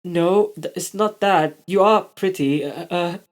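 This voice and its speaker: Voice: medium pitch, unhurried, lightly acted. A storyteller voicing a flustered young boy who stammers and cries out. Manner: stammering, crying out.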